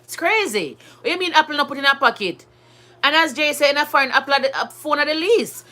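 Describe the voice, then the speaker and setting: Her voice is high-pitched, pushed and bright, with lively intonation and a fast pace. A Jamaican woman with school-age children, she talks chattily and emphatically to her viewers in a casual monologue, mixing patois with standard English.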